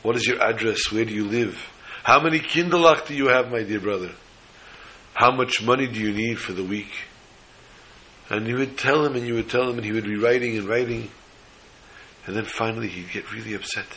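This man's voice is on the low side and brisk, and the recording quality is low. He gives a sermon built around a religious story, animatedly performing the characters' voices with feeling.

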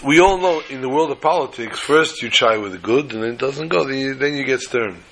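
Rabbi giving a torah class, bright voice, gets loud and animated, acts out the stories. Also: male voice, medium pitch, brisk, gravelly, slight background noise. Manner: animated, acts out quotes, rising to loud exclamations. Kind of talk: Torah lesson with told stories.

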